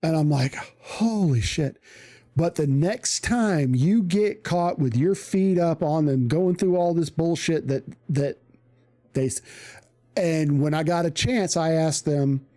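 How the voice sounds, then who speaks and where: A man's voice: on the high side, takes it slowly, warm tone. A male streamer telling a casual story, rambling with restarts and plenty of swearing.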